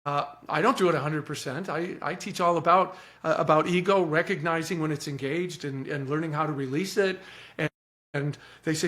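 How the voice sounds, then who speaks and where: A man with a fairly high voice gives an earnest, animated account as a podcast guest. He often repeats words as he starts a thought. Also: fairly quick. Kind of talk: reflective storytelling.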